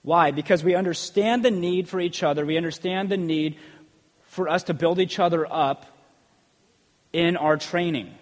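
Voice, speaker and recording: A man's voice: fairly high pitch, normal speed, big-room sound. A man preaching a sermon in a loose, conversational way, often checking in with "okay?" and building energy as he tells stories. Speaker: preacher and school PE teacher.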